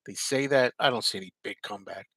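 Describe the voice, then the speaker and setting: A man's voice: lowish voice, quick pace, bright, forceful tone, dry recording. A man hosting a casual live chat, reading and answering viewer comments in a rambling, repetitive way. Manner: chatty, repeats himself, rambling asides.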